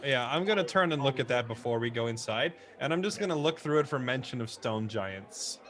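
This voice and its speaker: A man playing a tabletop game casually, joking and making quick asides. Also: mid-range voice, animated, fairly bright tone. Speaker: player.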